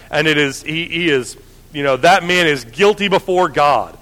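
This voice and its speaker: A man's voice: on the high side, normal speed. Preacher man in a reverberant hall. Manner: lively storytelling with frequent restarts. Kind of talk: sermon.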